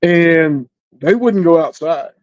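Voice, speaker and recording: A middle-aged man with a somewhat high voice tells a story as a podcast guest. He speaks plainly in rural grammar and pauses to find his words. The sound is dry and close, on a dull, lo-fi recording. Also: lively intonation, no room sound. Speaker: interview guest.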